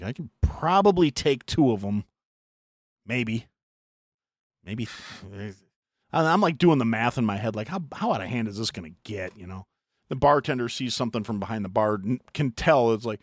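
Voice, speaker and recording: A middle-aged American man hosting a podcast, telling a long story in a profane, animated way with mock voices. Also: mid-range voice, moderate pace, no echo, studio quality. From United States. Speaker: podcast host. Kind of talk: casual storytelling chat.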